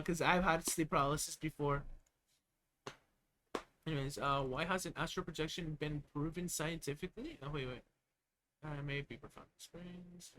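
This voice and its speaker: A young man streams from home on a desk mic, reading text aloud and breaking off into loose, laughing, profane asides. His voice sits a little high for a man, with a faint hiss of noise underneath. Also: a bit bright, poor audio. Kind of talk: casual live-stream commentary.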